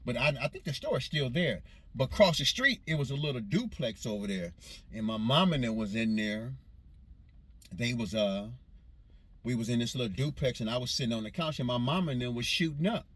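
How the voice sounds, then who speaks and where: A man's voice: mid-range voice, animated, brisk, a bit bright, breathy edge. A man from Los Angeles casually recounting childhood memories, meandering and correcting himself as he goes. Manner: meandering, self-correcting recollection in a loose vernacular. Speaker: storyteller recounting his childhood. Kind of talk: casual spoken memoir.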